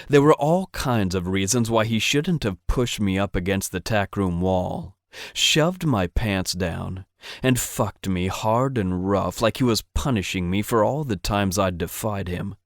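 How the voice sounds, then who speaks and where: A man with a fairly low voice narrates a first-person romance audiobook, his storytelling intimate and steady. The recording is close and dry, without any room sound.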